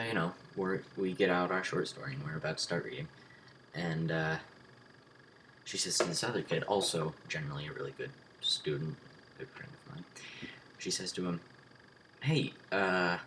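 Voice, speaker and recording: A man's voice: rumbling low, fairly bright tone, a little hiss or hum, poor audio. A young man, a student vlogger, casually retelling a classroom story and acting out the voices of the people in it.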